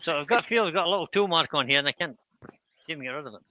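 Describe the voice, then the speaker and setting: A man's voice: fairly high pitch, lively intonation, racing, bright, forceful tone, no echo, highs cut off. A man hosting a casual live stream, explaining his woodturning steps as he works. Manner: explains each step as he works. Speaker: host demonstrating woodturning. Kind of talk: casual live-stream chat while working.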